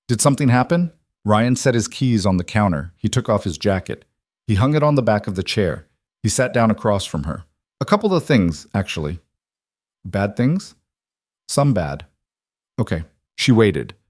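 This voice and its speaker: A man narrating a scripted story in a steady, plain manner. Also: on the low side, no echo, clean studio sound.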